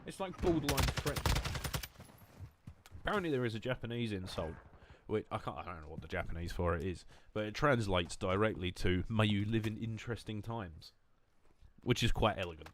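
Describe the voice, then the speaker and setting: A man with a fairly low voice chats away while streaming a game, wandering from one thought to the next. He jokes at his own expense and swears casually. A faint noise sits under the recording. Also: a little fast. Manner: joking, self-mocking, swears freely; loose, wandering talk with restarts. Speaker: gaming streamer. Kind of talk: casual rambling stream chat.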